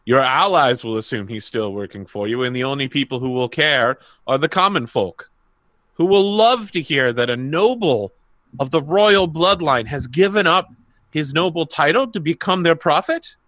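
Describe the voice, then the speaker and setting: A man plays a calm, sly noble courtier in a tabletop game, speaking in a measured, coolly reasoning way. His bright voice sounds close and dry. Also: a little high, no room sound.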